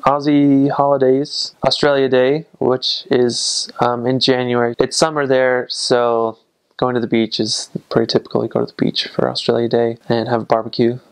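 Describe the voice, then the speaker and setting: Gravelly-voiced American guy vlogging. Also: mid-range voice, little pitch movement, normal speed. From United States. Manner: rambling, fills with "like" and "I don't know". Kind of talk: casual vlog talk.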